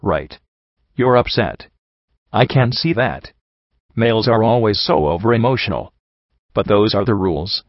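A man's voice: on the low side, expressive, measured pace, long pauses, no room sound. A man reading a storybook, voicing a jaded female pony security guard who speaks in a bored, blunt, profane way. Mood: dismissive. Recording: dull dry recording.

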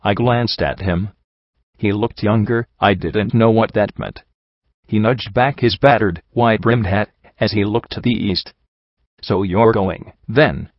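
A man reading a first-person story aloud in a calm, earnest narration. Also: fairly low pitch, unhurried, no room sound. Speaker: audiobook narrator. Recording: dull lo-fi, dry.

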